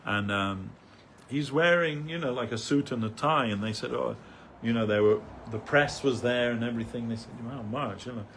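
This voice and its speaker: A man's voice: medium pitch, normal speed, few pauses, fairly bright tone, a little hiss or hum. An older man giving a rambling, anecdotal remembrance talk as a devotee speaker at a temple festival, with many fillers, restarts and chuckles.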